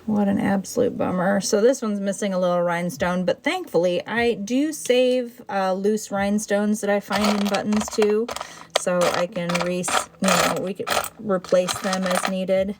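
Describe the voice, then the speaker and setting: Woman, casual livestream chatter, excitable, talks to objects, clicking buttons in the background. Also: medium pitch, normal speed, very noisy. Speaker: button seller sorting her finds on a livestream. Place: indoor room.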